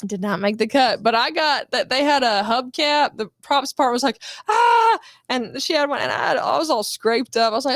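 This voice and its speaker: A woman's voice: high voice, expressive, moderate pace, hardly any pauses, fairly bright tone, dry recording, clean studio sound. A woman guest on a casual interview show, telling a story and acting out quotes, swearing freely. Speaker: guest actress.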